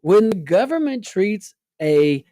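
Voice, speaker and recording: A woman's voice: medium pitch, sing-song, slow, dark tone, no echo, clean studio sound. A woman hosting a political talk show, sarcastic and full of rhetorical questions. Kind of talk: casual political commentary.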